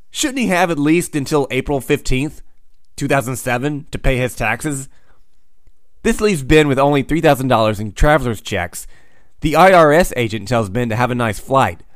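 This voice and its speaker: Man, sardonic comic recap narration, lively up-and-down delivery, dry close mic. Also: medium pitch, moderate pace, no echo. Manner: wry, sardonic asides.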